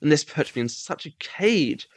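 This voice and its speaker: A young man telling a sarcastic comedic monologue, mock-self-righteous, breaking into shrill squeaky voices when he mimics kids. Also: animated, normal speed, no room sound. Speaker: comedic storyteller.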